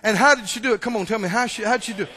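A male preacher delivering an animated sermon and calling for answers from the congregation. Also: high-pitched, rapid-fire, slightly rough. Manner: animated, calls for responses from the congregation. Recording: long church-hall reverb.

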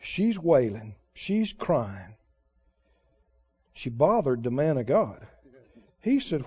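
A man preaching a sermon in an animated style, mimicking wailing prayers to make his point. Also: mid-range voice, takes it slowly, pauses often, slightly rough. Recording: muffled lo-fi sermon recording.

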